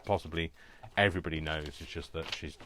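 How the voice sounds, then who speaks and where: A deep-voiced British man chats casually at his craft table, rambling from one thing to the next and laughing often. A faint background noise sits under his voice. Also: steady tone, brisk, a bit bright. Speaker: craft video host. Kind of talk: casual chat while crafting.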